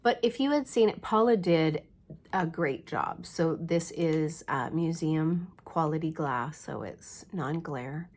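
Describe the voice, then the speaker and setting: Woman crafting vlogger, lowish voice, unhurried, animated storyteller. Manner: animated storyteller, acts out her own reactions; chatty with many fillers. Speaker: cross stitch vlogger. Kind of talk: casual storytelling chat.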